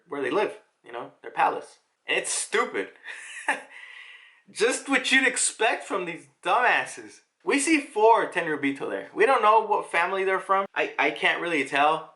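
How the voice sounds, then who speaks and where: Young male reviewer, rambling and foul-mouthed, bright forward tone. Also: sits high. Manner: loose, profane, rambling, with laughs. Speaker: manga reviewer. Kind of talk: casual solo review vlog.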